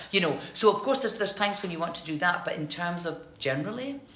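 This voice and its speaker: Scottish actress, middle-aged, animated raconteur with lots of restarts, heard in a roomy space. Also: female voice, fairly low pitch, a little fast. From Scotland. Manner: chatty, animated storytelling with many restarts. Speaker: actress guest. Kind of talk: casual interview chat. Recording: roomy echoey recording.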